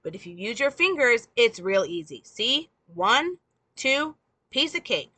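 A woman's voice: mid-range voice, animated, moderate pace, sharp tone, no room sound. A woman reading the lines of a sarcastic, hard-bitten male police detective from a script in a dry, mocking way.

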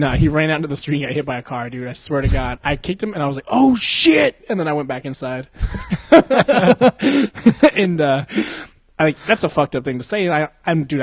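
A man's voice: medium pitch, no echo. A young adult man chatting casually, rambling through crude stories full of swearing and frequent laughter. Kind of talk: casual chat.

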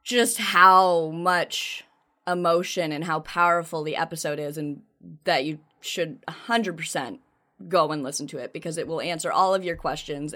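A woman's voice: low-pitched, bright, forceful tone. A woman co-hosting a podcast, chatting casually and enthusiastically with plenty of fillers. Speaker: podcast co-host.

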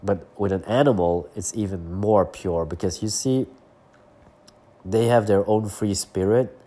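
A man hosting his own podcast in a relaxed solo chat, his voice nasal and stuffy from hay fever, often pausing with fillers as he searches for words. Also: lowish voice. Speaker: podcast host and coach. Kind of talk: casual solo podcast monologue.

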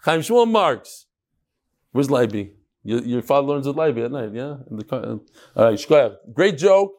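A man teaching a Talmud class as a rabbi, telling stories in a lively way and talking straight to his students. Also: mid-range voice, a little fast. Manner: animated, talks straight to the class. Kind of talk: lively lecture with storytelling.

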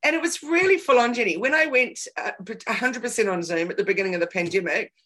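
A woman's voice: on the high side, expressive, quick pace, fairly bright tone. A woman hosting a casual chat, telling candid stories with emphatic repeated words.

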